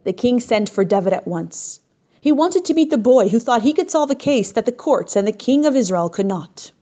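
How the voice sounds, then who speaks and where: A woman narrating a story in an expressive, unhurried way. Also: fairly high pitch. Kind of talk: scripted narration.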